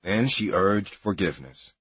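A man's voice: deep voice, animated, unhurried, fairly bright tone, husky. A man narrating a memoir in a wry, matter-of-fact storytelling manner. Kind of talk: memoir audiobook reading. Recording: dry, dull lo-fi recording.

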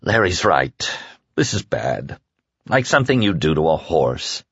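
A man voicing a grieving, weary man who speaks low and subdued. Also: sing-song, a little slow, husky, no room sound, heavily acted. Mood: sorrowful. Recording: dull lo-fi dry recording.

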